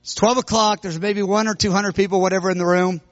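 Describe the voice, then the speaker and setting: A middle-aged man preaching, telling a personal story with sudden loud outbursts. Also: high-pitched, fast, no echo, highs cut off. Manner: animated, bursts into loud shouts when retelling. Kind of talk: sermon testimony storytelling.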